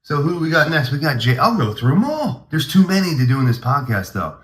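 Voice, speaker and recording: A man's voice: a little high, sing-song, brisk, roomy sound. A man hosting a comedy podcast, rambling through a mock-grandiose, hyped monologue.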